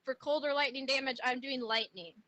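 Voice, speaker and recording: A woman's voice: sits high, steady tone, a little fast, sharp tone, no room sound, low-quality recording. A woman playing a tabletop game, flustered and thinking aloud. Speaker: player. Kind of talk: casual tabletop play.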